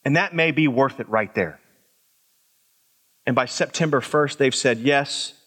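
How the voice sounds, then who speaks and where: A middle-aged man preaching a sermon as pastor, swinging from emphatic high lines to low, quiet asides. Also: unhurried.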